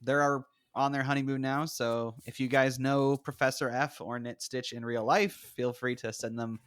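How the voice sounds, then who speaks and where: A man's voice: medium pitch, steady tone, normal speed, smooth. A man co-hosting a casual podcast over a video call, upbeat and playful. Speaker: podcast co-host. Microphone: remote call mic.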